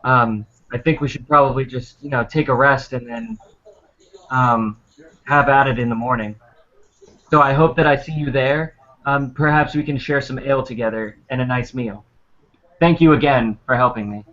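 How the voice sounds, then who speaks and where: A worn-out, courteous traveller talks in an easy, polite manner, as a man puts him on. His voice is at an ordinary pitch with a bright tone. The sound is muffled and lo-fi. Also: moderate pace, natural voice. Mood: tired. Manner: polite, easygoing. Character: weary, courteous male human traveller. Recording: muffled lo-fi recording.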